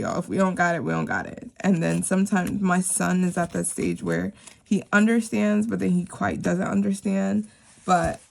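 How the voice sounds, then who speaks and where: A woman's voice: on the low side, vocal fry, a little hiss or hum. A woman in her thirties, casually chatting and telling stories while budgeting cash, with lots of filler words. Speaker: budgeting vlogger.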